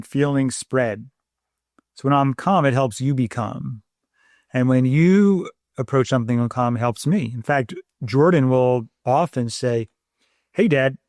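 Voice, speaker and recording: A man co-hosting a parenting podcast, explaining things in a calm, measured and gentle way, sometimes repeating words as he thinks. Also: mid-range voice, dry recording, clean studio sound. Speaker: podcast co-host, parenting doctor.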